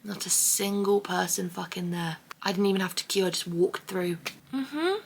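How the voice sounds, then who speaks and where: A woman's voice: on the low side, flat delivery, moderate pace, gravelly, slight background noise. A woman telling a travel story in a casual vlog, sarcastic and swearing a lot. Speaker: vlogger.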